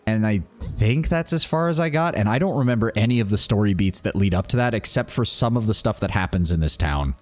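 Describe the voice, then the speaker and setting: Man, low voice, game streamer, casual, rambling, reads text aloud. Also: lively intonation, a little fast, few pauses, soft background music. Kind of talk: casual gameplay commentary and reading game text.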